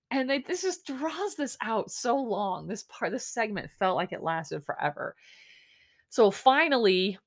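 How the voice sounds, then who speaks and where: A woman hosting a podcast, recapping a dating show in casual chat, exasperated and sarcastic with lots of fillers. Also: mid-range voice. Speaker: podcast host.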